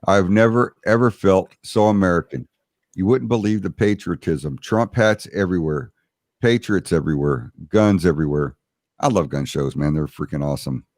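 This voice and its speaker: A man's voice: deep voice, normal speed, darkish tone, no echo, clean studio sound. A man hosting a casual political podcast, reading out chat comments in a hesitant, filler-heavy way.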